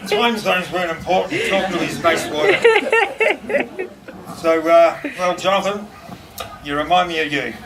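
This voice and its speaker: A man giving a memorial speech, telling fond stories in a halting way and laughing often, recorded from a distance in a noisy room. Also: a little high, lively intonation. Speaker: eulogy speaker.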